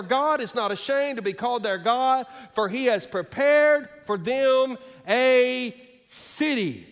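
A man preaching a sermon as pastor, swinging from loud raised calls to hushed low asides. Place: church sanctuary. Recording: long reverb in a large hall with faint music.

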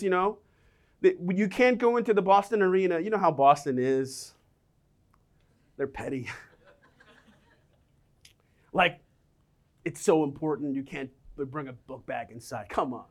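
A middle-aged man preaching a sermon, telling personal stories with lively, animated delivery and voicing the people in them. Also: high voice, measured pace, pauses often. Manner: animated storytelling, acts out quoted voices.

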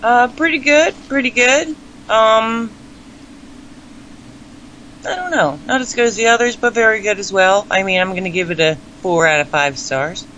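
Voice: mid-range voice, normal speed, pushed and bright, a little hiss or hum, low-quality recording. A co-host in a casual rock music chat, easygoing, with short agreeing replies. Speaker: podcast co-host.

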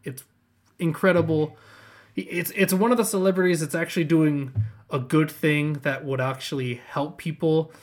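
A man's voice: on the high side, steady tone, moderate pace. A man co-hosting a casual podcast, recommending things enthusiastically. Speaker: podcast co-host. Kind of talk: casual chat.

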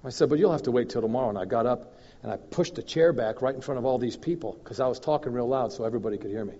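A man preaching as a guest minister, telling a story in an animated way that swings from loud and emphatic to low and confiding. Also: racing. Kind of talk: storytelling sermon. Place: church hall. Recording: dull recording in a reverberant hall.

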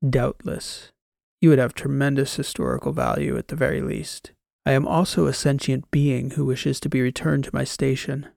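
A man voicing a calm, formal old android. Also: medium pitch, gravelly, no echo, clean studio sound. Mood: measured. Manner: measured, precise, earnest pleading.

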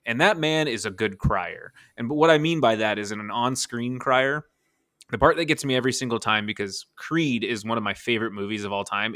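A man's voice: on the low side, a bit bright, no echo, clean studio sound. A man in his thirties co-hosting a casual podcast, talking enthusiastically and rambling with frequent laughs. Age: 30s. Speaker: podcast co-host.

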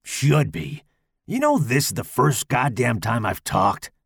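A low, gravelly growl from a hulking, deformed killer, as a male narrator puts him on. He taunts in a slow, crude drawl, with a gravelly rasp and a voice that swings widely in pitch. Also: wildly swooping pitch, no echo, clean studio sound, heavily acted. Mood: menacing taunting.

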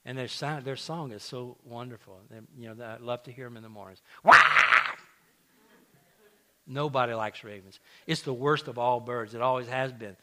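A man's voice: mid-range voice, fairly quick, hardly any pauses, noisy background. A man preaching a sermon as pastor, emphatic, repeating key phrases and restarting often. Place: church sanctuary.

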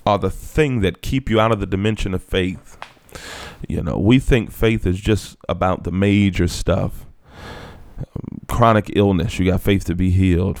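A man's voice: creaky, darkish tone, dry recording. Man preaching a sermon, dry close sound. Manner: reads scripture aloud, then explains it in plain talk; slows down and drops low for emphasis.

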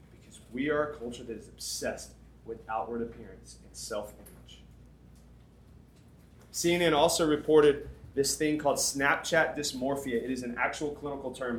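A young man preaching a sermon, telling a story and acting out the people in it with lively dialogue. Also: mid-range voice. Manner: animated storyteller, acts out dialogue. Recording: echoey room.

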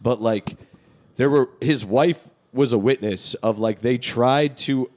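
A man's voice: medium pitch, slow pace. A young man hosting a podcast, telling a profanity-laden story and acting out the people in it. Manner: profane storytelling, animated reenactments. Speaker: podcast host. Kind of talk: casual podcast chat.

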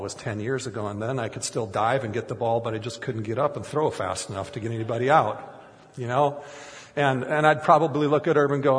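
A man's voice: mid-range voice, big-room sound. A middle-aged man preaching a sermon as a pastor, telling stories animatedly and acting out the quotes. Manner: animated storytelling with acted-out quotes.

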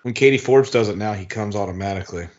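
A man's voice: fairly low pitch, fast talker. A man trading crude jokes and swearing freely in casual banter while watching wrestling. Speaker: podcast co-host. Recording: slightly dull lo-fi sound.

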